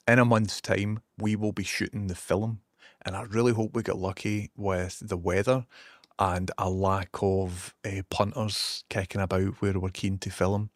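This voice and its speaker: A Scottish man with a lowish voice chats loosely on a live stream, drifting between stories and shout-outs to viewers with the odd curse. His sound is dry and close, with no room echo. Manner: rambling and chatty, reads out viewer messages, swears casually. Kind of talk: casual live-stream chat. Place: small room in a basement, curtains shut.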